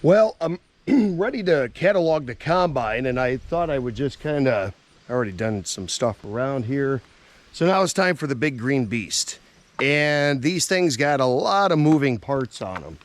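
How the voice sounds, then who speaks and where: A man's voice: medium pitch, expressive, measured pace. A man who works as an auctioneer, chatting plainly and casually as he walks around farm machinery outdoors. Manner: folksy, plainspoken, thinking aloud with fillers. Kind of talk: casual walkaround commentary.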